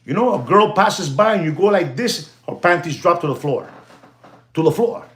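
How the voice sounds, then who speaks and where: Guy, hyping watches on a live stream, super animated, keeps dropping words. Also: fairly high pitch, normal speed. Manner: animated, mixes Spanish exclamations into English, thanks viewers by name.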